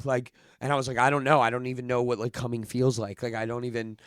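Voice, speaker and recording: A man's voice: medium pitch, level tone, quick pace, clear, resonant tone, dry recording, clean studio sound. A young man co-hosting a podcast, telling crude stories in casual chat and acting out the people he quotes, often laughing. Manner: storytelling, acts out quotes with laughter. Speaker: podcast co-host. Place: studio.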